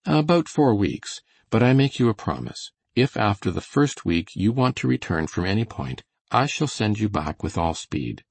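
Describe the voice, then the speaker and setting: A man's voice: on the low side, very animated, normal speed, creaky, few pauses, husky, no echo, voice pushed up, exaggerated voice. A man voicing a shrewd, kindly little man of about thirty who talks heartily and persuasively, in a storybook reading. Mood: enthusiastic.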